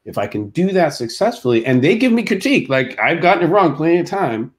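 A man's voice: fairly high pitch, sing-song, fast. A man who co-founded a company, a guest in an interview, explaining his ideas thoughtfully with examples. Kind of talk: casual interview.

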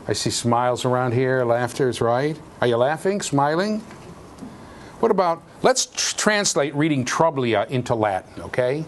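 A man giving a university lecture in an animated, jokey way, with sudden loud outbursts. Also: mid-range voice, moderate pace, a little hiss or hum. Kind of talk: classroom lecture. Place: lecture hall.

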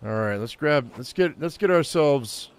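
A man's voice: medium pitch, expressive, unhurried, clean tone. A man hosting a gaming channel, talking to himself through a survival game in a casual way and getting easily frustrated and swearing. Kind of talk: casual gameplay commentary.

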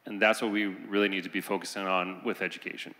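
A man on a panel at a conference, speaking earnestly and with rising urgency. His voice is low and bright. It rings out with a long reverb from the hall. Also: level tone, fast talker. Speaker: panelist, teacher. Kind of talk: panel talk.

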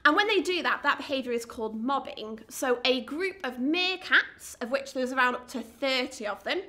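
A woman's voice: high-pitched, animated, normal speed, sharp tone. A woman, working as a zoo educator and giving an upbeat, encouraging lesson to children at home.

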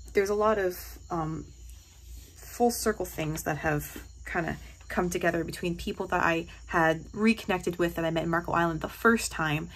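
A woman's voice: fairly low pitch, low-quality recording. A woman from New Jersey talking casually into her phone for a vlog, telling stories in a gushing, emotional way. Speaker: vlogger. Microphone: phone held close.

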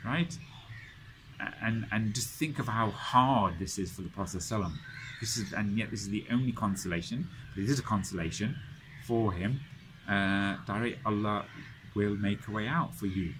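A British man teaching a study circle, retelling history in a casual, animated way and acting out the quoted dialogue. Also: lowish voice, moderate pace, slight background noise. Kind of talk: casual lecture storytelling.

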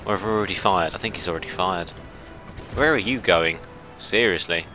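A man giving chatty, self-mocking let's play commentary, shouting orders at his ships when excited. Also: low-pitched, brisk, faint music behind. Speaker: gameplay commentator.

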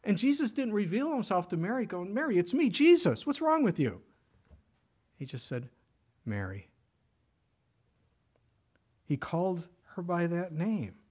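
A middle-aged man preaching a sermon in a casual, conversational way, telling the story with lively emphasis and dropping to a whisper for quoted words. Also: on the high side. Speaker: pastor.

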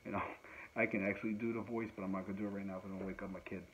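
A low-voiced man, a musician who hosts a podcast, talks very fast in a flat delivery. He rambles through a casual chat at home, full of fillers and laughs, and the recording has a dull lo-fi sound with faint noise.

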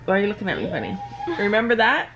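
A woman's voice: medium pitch, animated, very fast, dull audio, music in the background. An older woman, a grandmother, chatting casually in a family vlog from a bed in her living room, playfully coaxing her grandchildren.

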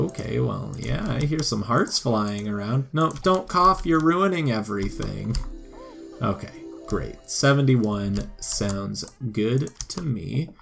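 A man's voice: medium pitch, vocal fry. A young man commentating a life-sim game, playful and sarcastic, talking to the characters on screen. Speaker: gameplay commentator. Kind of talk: let's play commentary.

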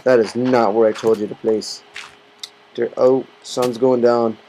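A man's voice: medium pitch, level tone, a little slow, mellow, low-quality recording. A man rambling goofily to himself while playing Minecraft, recorded on a computer's built-in mic. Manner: rambling, goofy, talks to himself. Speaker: Minecraft let's player. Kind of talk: casual gameplay commentary. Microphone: computer's built-in mic, not headset. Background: computer fan hum.

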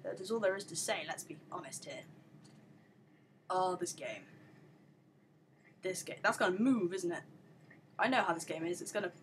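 A woman's voice: lowish voice, expressive, normal speed, pauses often, slight background noise. A woman doing let's play commentary, sarcastic and exasperated, egging on her game character. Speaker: gaming channel host.

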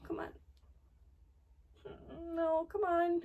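A high-voiced woman reacts to an anime episode as she watches it, excitable and fretful, swinging between gasps, swearing and cheering. She sits a little back from the mic, so her voice sounds slightly distant. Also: a little slow, pauses often. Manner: excitable, gasps and frets aloud, swears often. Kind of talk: live anime reaction commentary.

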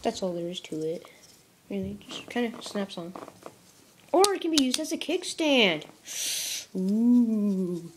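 A woman's voice: mid-range voice, big pitch swings, measured pace, pauses often, noisy background. A young woman casually narrating an unboxing, rambling and self-mocking, often dropping into mutters and whispers. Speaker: product unboxing vlogger.

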